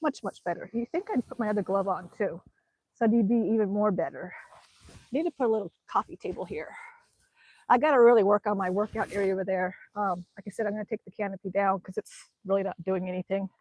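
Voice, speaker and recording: A woman's voice: mid-range voice, fast talker, darkish tone. A woman chatting casually on a live stream outdoors in winter, rambling with many ums as she reads the chat. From Alaska. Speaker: vlogger reading live chat. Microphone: phone camera.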